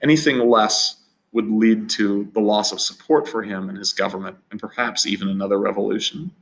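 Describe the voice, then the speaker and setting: A man's voice: lowish voice, fairly even intonation, fairly quick, a bit bright, rough recording. A man teaching a history lesson in an unscripted, conversational way, often repeating words and restarting phrases. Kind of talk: recorded history lecture.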